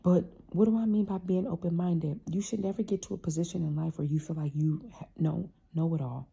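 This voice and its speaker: A woman hosting a casual motivational talk, animated and passionate, sometimes acting out her family's voices. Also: lowish voice, brisk, gravelly, breathy edge. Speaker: host.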